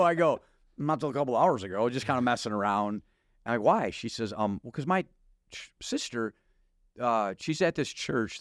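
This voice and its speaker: A man's voice: lowish voice, no echo. A middle-aged pastor from Wisconsin tells his story with a voice that swings up and down. He laughs easily and acts out the people in it. The sound is dry and close. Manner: animated, laughs often, acts out dialogue. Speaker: guest pastor. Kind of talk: storytelling testimony.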